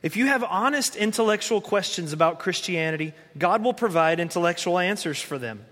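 A man with a fairly high voice preaches a conversational sermon, slipping into animated quoted voices as he tells the story. His voice rings with a long reverb, as if he is speaking in a large church hall. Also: brisk. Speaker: pastor.

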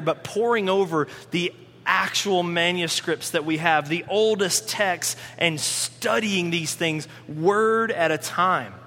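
A pastor delivers a lively, animated sermon in a high, bright voice, slipping in and out of quoted voices he acts out. A long reverb from a large church hall colors the sound.

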